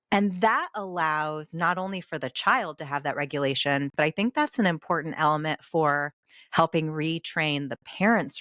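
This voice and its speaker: Woman, podcast host, low voice, reflective, thoughtful, dry close recording. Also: fairly bright tone, no room sound. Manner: reflective, builds long thoughtful points. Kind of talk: conversational interview.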